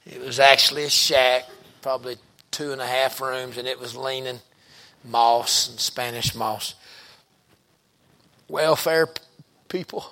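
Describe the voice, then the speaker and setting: A middle-aged man, a pastor telling stories in a sermon with folksy, colloquial phrasing and bursts of loud emphasis. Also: mid-range voice, steady tone, measured pace. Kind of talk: storytelling sermon.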